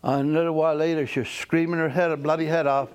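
Man, from a Mohawk community, casual storytelling, halting with fillers, somewhat high voice. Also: flat delivery, smooth. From Akwesasne Mohawk community. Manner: halting, many pauses and fillers, chuckles at his own jokes.

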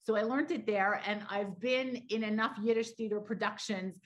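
Enthusiastic middle-aged actress. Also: female voice, mid-range voice, steady tone, moderate pace. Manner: enthusiastic, warm about her craft, some restarts. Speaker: stage actor. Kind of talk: interview guest.

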